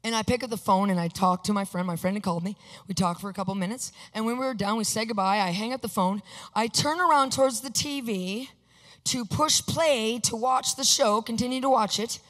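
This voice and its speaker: A woman preaching a sermon, telling a personal story and acting out her own reactions with animated energy. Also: on the high side, brisk. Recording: long hall reverb.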